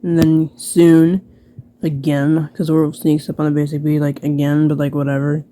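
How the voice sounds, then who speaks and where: A woman's voice: low voice, little pitch movement, moderate pace, dark tone, a little hiss or hum. A woman giving self-mocking, rambling casual commentary as she reviews an old book she wrote as a child, full of "like" fillers. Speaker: video creator.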